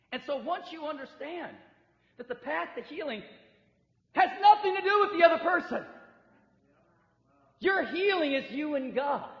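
A man preaching a sermon in a large church hall, emphatic, acting out the voices of hurt believers. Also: very high voice. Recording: echoey hall, dull lo-fi sound.

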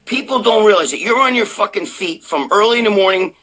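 An older man co-hosting a live show from his sister's house, telling loud, profane stories in casual chat. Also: high voice, a little fast, slight background noise. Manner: loud, profane, animated storyteller. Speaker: co-host of a bodybuilding live show.

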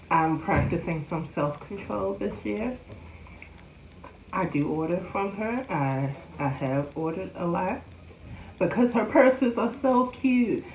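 A woman chats about her doll hobby in a low, unhurried voice. She keeps the talk loose, with fillers and small laughs. The recording sounds a little dull and roomy, with a faint hum underneath. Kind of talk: casual vlog chat.

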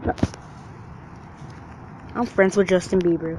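A man's voice: high voice, steady tone, measured pace, long pauses, mellow. Dude trash talking thru his game, swears nonstop, kinda muffled cheap mic sound. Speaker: gamer. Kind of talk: profane let's-play commentary. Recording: dull lo-fi recording with faint hiss.

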